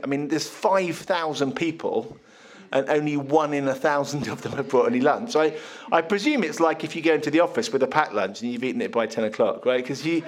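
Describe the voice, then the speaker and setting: A man preaching a sermon in a conversational, animated storytelling manner. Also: medium pitch, a little fast.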